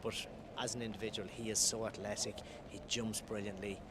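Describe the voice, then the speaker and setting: A man, a former jockey, explaining calmly and with expertise in an outdoor parade ring. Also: fairly low pitch, a little fast, background noise. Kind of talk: interview.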